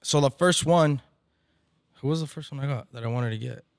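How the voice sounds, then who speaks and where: A man's voice: medium pitch, a little fast, gravelly, dry recording, clean studio sound. A man, a barber event organizer, telling a story in casual, profane slang and slipping into Spanish now and then. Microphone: podcast microphone.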